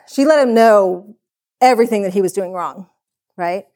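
A woman's voice: medium pitch, moderate pace, warm tone. A woman who leads a church's discipleship and women's ministry, a podcast guest telling a story in a chatty, frank and earnest way. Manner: chatty storytelling, acting out quoted dialogue.

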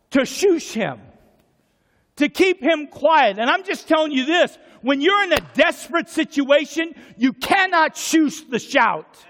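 High-pitched preaching man in a reverberant church. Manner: impassioned preaching, often shouting. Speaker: pastor. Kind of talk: sermon. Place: church sanctuary. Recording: church sanctuary with long reverb.

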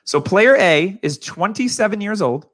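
A man with a fairly high voice hosts a casual sports podcast. He reads out quiz stats and asks his co-hosts questions in an upbeat, quizmaster-like way. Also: lively intonation, moderate pace, fairly bright tone. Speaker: podcast host running a quiz segment.

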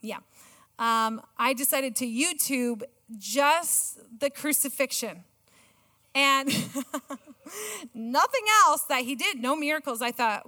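A middle-aged woman giving a sermon with a personal story, excitable and self-mocking, laughing often. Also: sits high, slow. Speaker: church speaker. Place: church auditorium. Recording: long church hall reverb.

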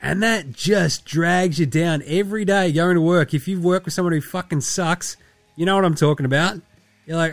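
An Australian man hosts his own podcast in a loose, profane, rambling way, laughing as he goes. His voice sits a little high and sounds close and dry, with faint music underneath. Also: normal speed, dry recording. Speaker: podcast host. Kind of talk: casual sweary podcast chat.

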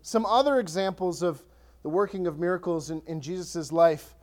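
A man preaching a sermon as pastor, conversational and animated, often restarting his sentences and acting out scripture. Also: high voice, moderate pace.

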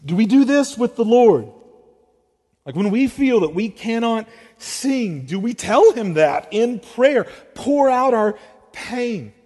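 A man's voice: extremely high pitch, very animated, slow pace, darkish tone. A male pastor, preaching a heartfelt sermon. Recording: long reverb of a large hall.

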